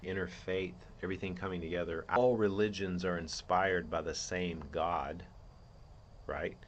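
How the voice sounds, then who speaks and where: A man's voice: sits low, fairly even intonation, normal speed, dull audio, a little hiss or hum. A man hosting his own show, laying out a theory in an earnest, rambling monologue with many restarts. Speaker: podcast host.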